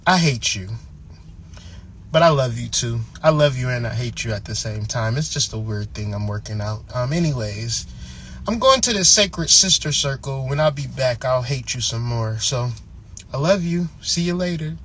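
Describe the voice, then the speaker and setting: A man's voice: medium pitch, expressive, normal speed, fairly bright tone, slight background noise. Man putting on a fickle, moody young woman. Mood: petulant.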